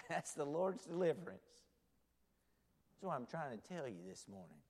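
Male pastor preaching, dramatic, goes loud then drops to almost a whisper, long echo from a big hall. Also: fairly high pitch, very animated, normal speed, breathy edge. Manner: dramatic, swings between loud and near-whisper. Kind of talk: sermon.

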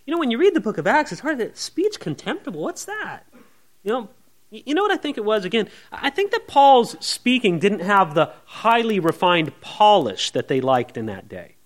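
A man's voice: very animated, moderate pace. A man preaching a conversational verse-by-verse sermon who keeps asking the congregation questions and acts out quoted voices. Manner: conversational, often asks the listeners questions; acts out quoted voices with big shifts in pitch and loudness. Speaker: pastor. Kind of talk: expository sermon.

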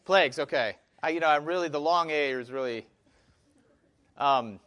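A man's voice: on the high side, normal speed, a bit bright. A man with a Wisconsin accent teaching a Bible study class, speaking conversationally with fillers and questions to the group.

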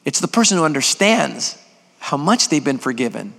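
A man's voice: a little high, big pitch swings, moderate pace, creaky, fairly bright tone. A man preaching a sermon as a guest preacher, emphatic and putting questions to the congregation, in a church sanctuary. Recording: long hall reverb.

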